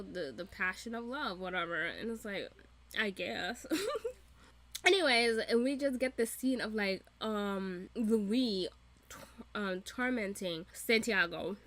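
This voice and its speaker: A woman vlogger recapping a TV episode in a casual, profane, animated way, often breaking into laughter. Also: mid-range voice. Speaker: reaction vlogger. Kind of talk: casual show recap and reaction.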